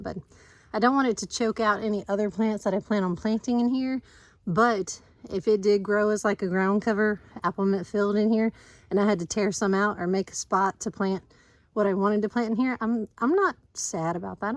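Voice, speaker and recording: Woman in her 30s, chatty farm vlogger, rambling outdoor talk, quick to laugh. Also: medium pitch, steady tone, no room sound, rough recording. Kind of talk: casual chat to camera. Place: outdoors in a garden yard.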